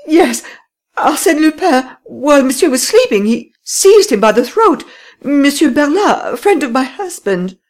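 A woman voicing a frantic, breathless society lady who shrieks and weeps in a high, strained voice. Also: very animated, moderate pace. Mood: insistent.

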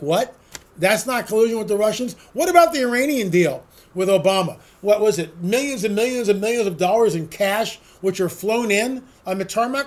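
A man giving an opinionated solo commentary, sarcastic and ranting, firing off rhetorical questions to his listeners. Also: high-pitched. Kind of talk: opinionated monologue.

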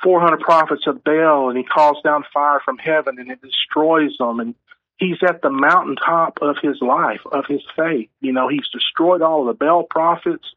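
A man's voice: a little high, moderate pace, dry recording. A man, an author being interviewed, talking earnestly and telling stories. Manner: earnest, storytelling, acts out quotes. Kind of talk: conversational interview. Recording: tinny phone-line audio.

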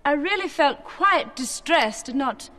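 An actress playing a haughty wicked fairy queen in an old-fashioned posh English accent, speaking in a slow, icily polite, mocking way. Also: high voice, lively intonation, sharp tone, exaggerated voice. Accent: old-fashioned posh English, received pronunciation.

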